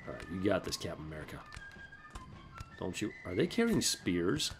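A man from South Carolina hosting a let's play, mixing excitable yelling and laughter at the game with calm history explanations and casual swearing. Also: deep voice, normal speed, faint music behind. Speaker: gaming channel host.

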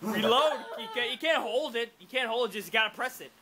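Brief: excitable woman coach, high lively voice, barking tips over loud venue noise. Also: fairly quick. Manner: laughing, urgent instructions. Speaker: friend coaching the player. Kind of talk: casual coaching and teasing.

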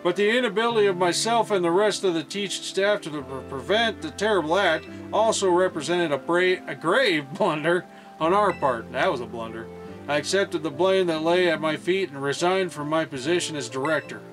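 A man's voice: on the high side, moderate pace, over music, lightly acted. A man reading as a formal old school director. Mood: earnest. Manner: reading dialogue aloud, stumbling over words.

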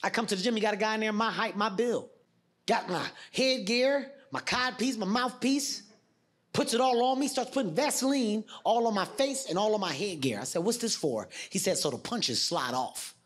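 A man doing animated stand-up storytelling with shouted bits. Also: high-pitched, a little fast. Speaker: stand-up comedian. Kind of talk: stand-up set. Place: theater stage with audience. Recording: stage mic with loud audience laughter.

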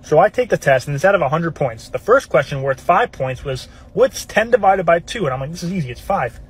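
A man's voice: a little high, lively intonation, fairly quick, breathy edge. A young man, a college student, telling a casual storytime anecdote. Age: young adult.

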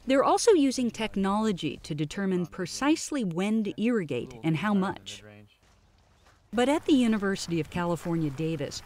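A woman narrating a science news feature in a measured, scripted way. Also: on the low side, darkish tone. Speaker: reporter narrating.

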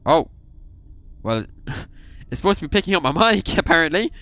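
A man's voice: on the high side, sing-song, normal speed, pushed and bright, dry recording. A young man playing a horror game for video, reacting with sudden swearing and reading the game's text aloud. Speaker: gaming YouTuber. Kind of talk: horror game let's play commentary.

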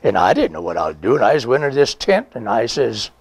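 Old guy in his 90s rambling thru a story, chuckling, dry close mic, middle pitch. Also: very animated, quick pace, breathy edge, no echo. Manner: rambling, folksy, with chuckles and reenacted dialogue. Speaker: war veteran interviewee. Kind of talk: conversational oral history storytelling.

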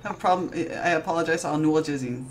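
A woman's voice: sits low, quick pace, a little hiss or hum. A woman streamer in casual late-night chat, giggly and rambling, often restarting her sentences.

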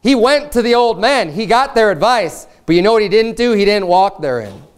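Animated and speaking at normal speed, a pastor delivers an earnest, emphatic sermon, hammering home key phrases through repetition. His voice is smooth and resonant, somewhat high for a man, and takes on a formal, old-fashioned cadence whenever he reads scripture.

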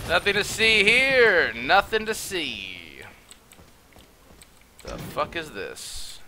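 Bright, excitable gaming streamer man. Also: a little high, very slow, a little hiss or hum. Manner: excitable, profane, jokey. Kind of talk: casual gameplay commentary.

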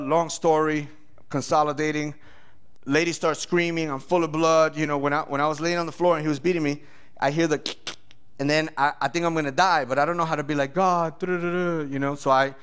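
A pastor telling his testimony in a sermon, animated, acting out voices and often laughing. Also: on the high side, clear, resonant tone.

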